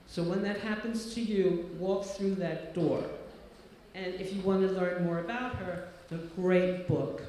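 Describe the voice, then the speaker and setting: A man giving a formal ceremony speech, introducing an honored guest in an earnest, measured way with slow emphatic lists. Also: high voice, fairly even intonation, darkish tone. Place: large hall. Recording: echoey hall with faint background noise.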